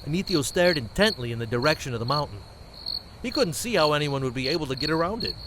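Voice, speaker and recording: A man narrating an amateur fantasy story in a plain, steady way. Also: on the high side, fast talker, background noise.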